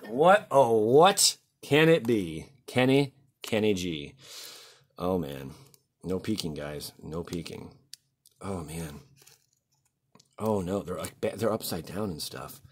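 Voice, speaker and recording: Husky excitable man opening cards. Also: on the low side. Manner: excitable, swings from hushed to shouting. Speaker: card-opening YouTuber. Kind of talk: casual card-opening commentary.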